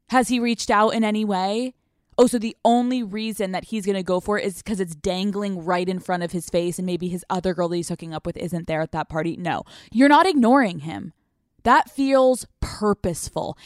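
A young woman hosting an advice podcast, talking casually in a blunt, sassy and profane way, with quick laughs, close to the mic. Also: fairly low pitch, no echo. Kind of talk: casual advice talk answering listener letters.

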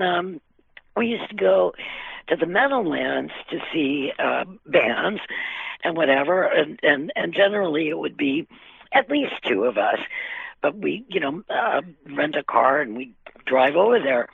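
An older woman telling lively stories as an interview guest, laughing often and using many fillers. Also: low-pitched, measured pace, vocal fry, slightly rough, no echo. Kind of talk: casual storytelling. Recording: dry tinny phone line.

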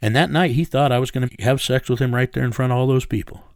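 A man being interviewed, recounting a raid in low, measured storytelling that sinks to a menacing hush. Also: fairly even intonation, no room sound, studio quality. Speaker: interview guest.

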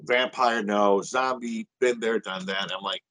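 A middle-aged man telling a story as an interview guest, animated and casual, with a little swearing. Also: on the low side, measured pace, a little hiss or hum, low-quality recording.

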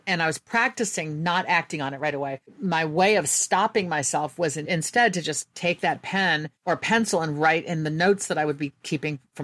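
A woman's voice: low-pitched, fairly bright tone, no echo, studio quality. A woman guest and author telling candid personal stories in an earnest, reflective way. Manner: earnest, candid, quick bursts.

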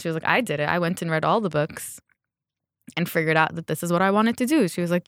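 A woman's voice: lowish voice, fairly quick, a bit bright, no room sound, studio quality. A woman fashion designer chatting in an interview, laughing often and acting out what people said to her. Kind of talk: casual interview chat. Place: Dubai.

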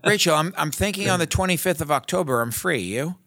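A male podcast co-host with a bright, forward voice, recorded dry and close. He keeps the chat loose and playfully teases his guest. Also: a little high, animated, fast talker, creaky, no room sound. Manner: teasing, playful.

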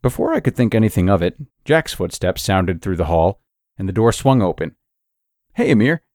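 A man narrating a horror story in a measured, suspenseful storytelling manner. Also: sits low, expressive, a little mellow, no echo, clean studio sound.

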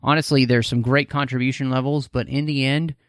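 A man from Texas hosts a podcast in an easy, rambling way, full of fillers. His voice sits at an ordinary middle pitch. The sound is dry and close, with no room around it. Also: little pitch movement, a little fast, no echo. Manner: chatty, rambling with many fillers. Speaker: podcast host. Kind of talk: casual podcast chat and show plugs.

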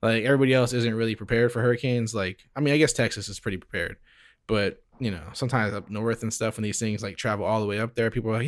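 A man hosting a casual sports podcast, laid-back and quick to laugh, with lots of "like" and "bro". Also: fairly low pitch. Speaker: podcast host.

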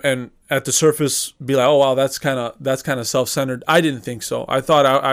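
Man telling a story on a podcast, slightly higher voice. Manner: relaxed storytelling with fillers, easy affirmations. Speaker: podcast co-host. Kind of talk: casual podcast discussion.

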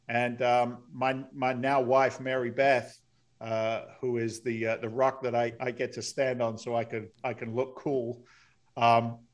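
Earnest middle-aged man telling his story. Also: mid-range voice. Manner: earnest, builds to loud excited bursts. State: close to tears. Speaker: podcast guest. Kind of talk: emotional storytelling interview.

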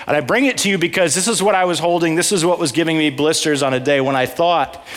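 A man's voice: fairly high pitch, a bit bright, long reverb tail. A man giving a conversational sermon as a Bible study teacher, telling a story with wry asides and questions to the audience.

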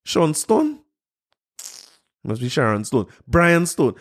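A man's voice: on the high side, big pitch swings, moderate pace. A man, mocking a news article he reads aloud, incredulous and laughing at it. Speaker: commentator reacting to a news article. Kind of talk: mocking commentary on a news story.

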